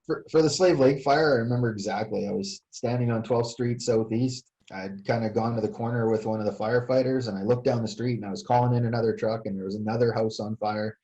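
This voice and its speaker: A man's voice: medium pitch, fairly even intonation, fast talker, few pauses, dark tone. An older man, a retired fire chief recounting events in a casual interview, hesitant with many fillers and restarts. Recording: dull lo-fi sound.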